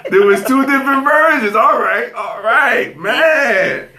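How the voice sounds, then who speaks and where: A man in his fifties hosting a casual podcast interview, animated and playfully teasing, who laughs often. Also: very high voice, slow pace, crowd noise. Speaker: host. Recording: echoey room.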